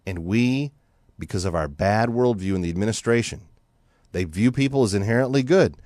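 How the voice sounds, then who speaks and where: A lowish-voiced American man talks at a normal pace on his talk radio show, recorded on a studio mic with no echo. His monologue is spirited and now and then derisive, complete with imitations of others.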